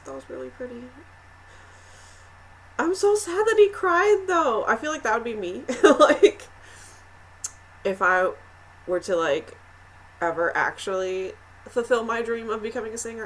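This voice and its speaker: Gushing young woman, bright voice. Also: mid-range voice, slight background noise. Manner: gushing and swooning, swinging from loud squeals to quiet musing. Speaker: YouTuber reacting to music video. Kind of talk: casual reaction vlog.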